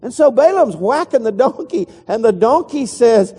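High-voiced pastor preaching in a reverberant hall. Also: male voice, lively intonation, moderate pace, warm tone, husky. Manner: conversational, rambling with restarts and asides. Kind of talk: sermon.

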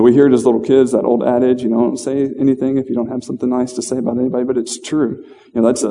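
A man giving an informal, conversational sermon in a church, halting with fillers and restarts. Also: mid-range voice, warm tone, big-room sound. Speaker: lay preacher. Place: church hall.

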